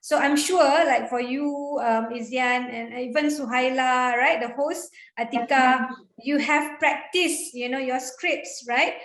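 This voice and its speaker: Woman, high voice, energetic chatty explainer, roomy echo. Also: measured pace. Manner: energetic, chatty, demonstrates intonation with examples. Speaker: guest speaker on public speaking. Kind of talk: online panel talk.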